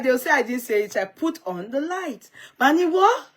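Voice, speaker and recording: A woman's voice: sits high, big pitch swings, moderate pace. A middle-aged woman with a Nigerian accent, chatting casually and slipping in Yoruba phrases. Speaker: host. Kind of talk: casual group chat.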